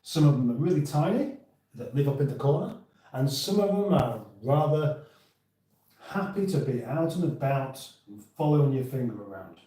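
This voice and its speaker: A man's voice: mid-range voice, animated, normal speed, dark tone, distant mic. A man hosting a casual live chat and reading viewer comments aloud, rambling and self-interrupting with dry humour, recorded in an echoey room. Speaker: livestream host.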